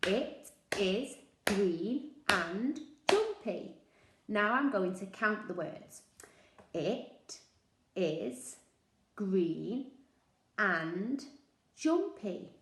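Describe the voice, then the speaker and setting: A woman teacher with a Northern English accent, slowly sounding out words for young children in a sing-song, encouraging way. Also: medium pitch. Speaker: early years teacher. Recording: echoey room.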